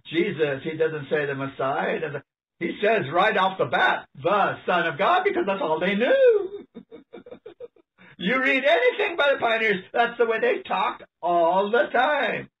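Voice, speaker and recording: A man preaching an animated, emphatic sermon, reading passages aloud and laughing often. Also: high voice. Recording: distant mic, dull lo-fi sound.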